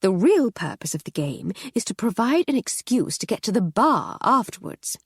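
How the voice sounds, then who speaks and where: Dry-witted society lady, voiced by a woman narrator, pitched up, very lively. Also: moderate pace, husky, dry recording. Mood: arch. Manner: arch, drawling, witty. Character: aristocratic English lady, witty and dry.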